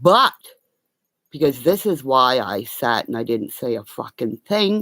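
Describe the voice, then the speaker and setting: Erratic woman with wildly swinging pitch. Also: big pitch swings, moderate pace, gravelly, no room sound, studio quality. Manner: profane, erratic, bursts into shouting. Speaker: livestreamer. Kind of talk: rambling livestream rant.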